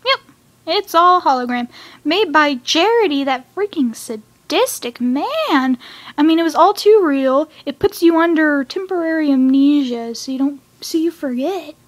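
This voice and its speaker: A young woman rambling excitedly about a cartoon episode, acting out the characters with sudden high cries. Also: a little slow.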